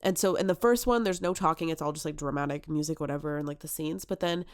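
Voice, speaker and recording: A woman's voice: low-pitched, fast talker. A woman in her twenties co-hosting a podcast, chatting casually and animatedly quoting her own reactions. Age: 20s. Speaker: podcast co-host. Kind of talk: casual chat.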